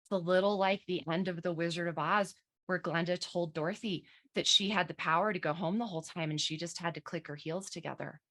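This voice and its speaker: A woman leads a guided meditation for an online session, her voice sitting a little low. She speaks slowly and gently, and drops the occasional frank swear word into the calm. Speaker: coach leading an online summit session. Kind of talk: guided visualization talk.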